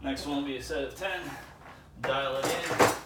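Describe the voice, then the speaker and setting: This man vlogs mid-workout, thinking out loud to the camera between sets at medium pitch and a moderate pace. The recording is very noisy, echoing around the gym with the mic set far away.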